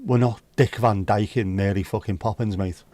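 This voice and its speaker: A man's voice: fairly low pitch, steady tone, moderate pace, warm tone. A man from the United Kingdom hosting a casual livestream chat, talking bluntly and swearing freely. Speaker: livestream host.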